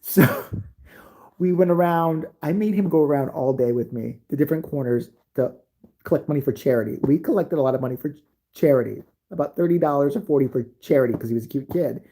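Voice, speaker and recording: A man with a husky, mellow voice telling stories in a loose, profane way. He laughs and swears as he talks. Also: a little high, a little fast. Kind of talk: casual storytelling.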